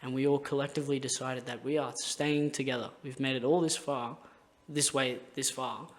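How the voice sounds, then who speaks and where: A man's voice: medium pitch, steady tone, moderate pace. A young man hosting a podcast, telling rambling, heartfelt stories in casual chat and swearing constantly. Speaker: podcast host.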